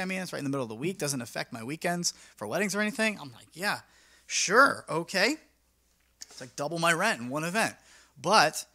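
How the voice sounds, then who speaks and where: A man's voice: a little high, sharp tone. A young man, a mobile DJ, talking casually and energetically in a vlog, acting out his talks with clients in a slangy, upbeat way. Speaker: mobile DJ and vlogger.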